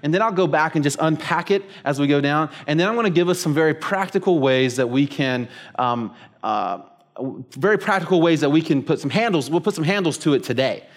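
A man's voice: a little high, lively intonation, fairly quick. A man preaching a sermon, telling a story casually with plenty of fillers like "like" and "you know". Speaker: pastor.

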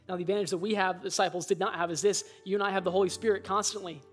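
A man preaching a sermon, earnest and reflective, telling stories and speaking in quoted voices. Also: sits high. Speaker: pastor.

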